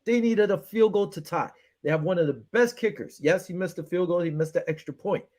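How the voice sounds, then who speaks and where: A man with a slightly high voice hosts a casual sports talk show. He rants with frustration and acts out his phone calls in quoted back-and-forth. He keeps the energy up as he picks apart the defense. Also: brisk, darkish tone. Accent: Western New York.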